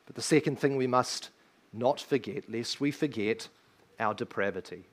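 A man's voice: medium pitch, normal speed. A man preaching a sermon in church, emphatic and full of rhetorical questions to the congregation. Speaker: pastor.

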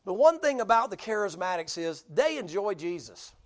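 A man's voice: sits high, very animated, moderate pace. A man with a Southern US accent preaching a sermon in a folksy, joking way full of homespun sayings. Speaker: pastor.

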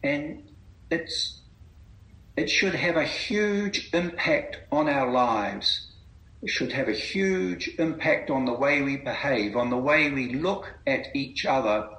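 A man's voice: medium pitch, lively intonation, takes it slowly, sharp tone, reverberant, poor audio. A man giving an earnest Bible talk, emphatic and reflective. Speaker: preacher. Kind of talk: Bible reading meeting talk.

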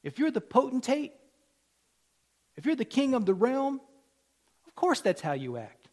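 Animated preaching man with a high voice. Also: measured pace. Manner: animated, swings from loud to hushed. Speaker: pastor. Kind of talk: sermon.

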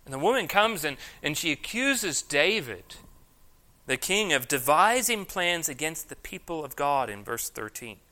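Guy teaching a sermon, reads verses out then explains them, bright crisp voice. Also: a little high, very animated, unhurried. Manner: reads scripture aloud with emphasis, then explains it. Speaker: preacher. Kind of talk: sermon, expository Bible teaching.

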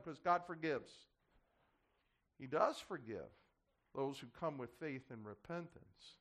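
A man's voice: mid-range voice, lively intonation, takes it slowly, long pauses, a bit bright. A man preaching a sermon to his church, impassioned, his voice swelling and dropping as he drives his points home. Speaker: pastor.

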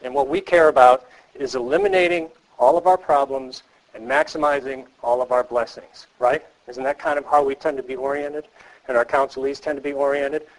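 At a moderate pace, a man with a fairly high voice teaches counselors earnestly and emphatically, repeating key phrases and asking the class rhetorical questions over a rough recording.

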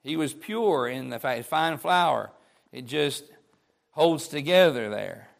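A man's voice: a little high, expressive, slow pace, creaky. Folksy preacher man, conversational delivery. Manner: folksy, conversational, repeats words when restarting. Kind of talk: informal sermon.

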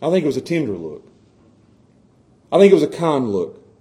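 Middle-aged man as preacher; slightly high voice, swings between soft intimacy and fervent emphasis. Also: sing-song, brisk. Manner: swings from hushed to loud and impassioned, with repeated stammered restarts. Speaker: pastor. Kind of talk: sermon.

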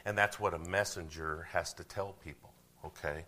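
Pastor, low voice with a sharp forceful edge, chatty preaching that swings from loud to quiet. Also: male voice, fairly even intonation, normal speed. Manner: conversational preaching, asks the congregation questions, swings from loud to hushed. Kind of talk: sermon.

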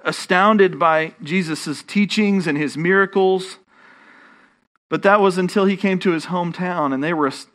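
High-voiced Texan preacher. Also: male voice, a bit bright. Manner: preaching with rising emphasis and frequent restarts. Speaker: pastor. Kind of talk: sermon.

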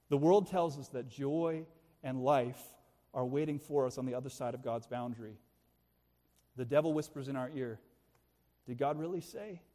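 A man's voice: a little high, dark tone. A middle-aged man preaching a sermon in a church, earnest and urgent, pressing his listeners with pointed questions. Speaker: pastor. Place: church sanctuary. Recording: long hall reverb.

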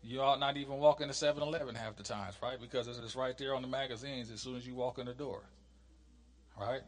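A man of middle pitch teaching from scripture. He reads the verses in a slow, weighty cadence and then drops into relaxed, plain talk to explain them. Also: big-room sound. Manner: reads scripture slowly and emphatically, then talks casually. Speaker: preacher. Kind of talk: Bible study teaching.

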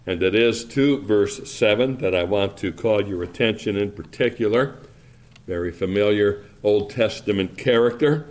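A man preaching a sermon, reading scripture aloud and then explaining it in a slow, measured, deliberate way. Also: on the low side, a little mellow.

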